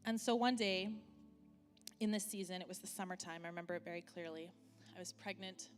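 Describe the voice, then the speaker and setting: A woman in her thirties preaches in a church hall, telling a candid story in a conversational way. Her voice rings out with a long hall reverb, and music plays clearly underneath. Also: fairly low pitch, flat delivery. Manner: candid, conversational, many fillers, slows for emphasis. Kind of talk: sermon with personal story.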